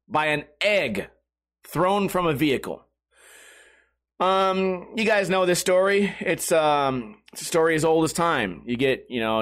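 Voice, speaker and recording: A man hosting a comedy show, reading a strange news story and riffing on it with crude jokes and frequent laughter. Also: on the high side. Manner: animated, crude, laughs often, mocking asides. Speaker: comedy podcast host.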